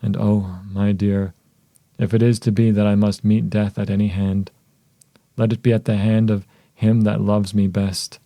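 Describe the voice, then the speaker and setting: A man voicing a devoted young wife in an audiobook, soft and measured, with a very mellow, low voice. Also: little pitch movement, no echo, lightly acted. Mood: solemn tender.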